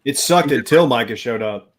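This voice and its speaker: A man's voice: mid-range voice, animated, normal speed, crowd noise. A man co-hosting a live show, joking and ribbing his friends in casual chat. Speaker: co-host. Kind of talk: casual banter between friends.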